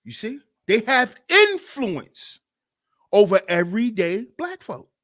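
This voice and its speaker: A man hosting a livestreamed podcast, talking in an animated, mocking way and often asking "you see?". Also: high voice, takes it slowly. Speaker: podcast host. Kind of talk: livestream commentary.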